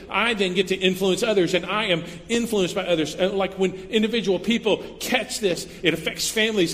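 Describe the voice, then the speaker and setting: A man's voice: high voice, fairly bright tone. A male pastor preaching a sermon in a church, often stopping to correct himself mid-sentence. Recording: long reverb of a large hall.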